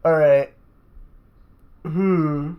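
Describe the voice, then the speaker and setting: A man's voice: on the high side, steady tone, drawn-out words, dull audio. A young man, a podcast host, telling a rambling, profane story in casual chat and tacking "right?" onto his sentences.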